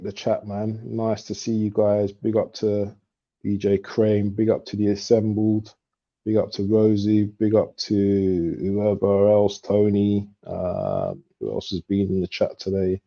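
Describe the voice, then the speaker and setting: A low, mellow-voiced man hosts a laid-back football livestream. He rambles through his thoughts with plenty of fillers, and his voice comes through dull, lo-fi stream audio. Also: slow pace, vocal fry. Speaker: livestream host. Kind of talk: casual football chat.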